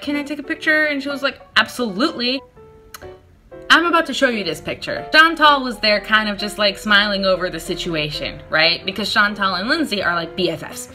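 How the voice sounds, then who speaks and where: A young woman shares a personal story in a casual vlog, chatty and self-deprecating. Her voice is bright and a little sharp. She acts out her own flustered replies in a jumpy, squeaky way. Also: fairly quick, soft background music. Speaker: vlogger.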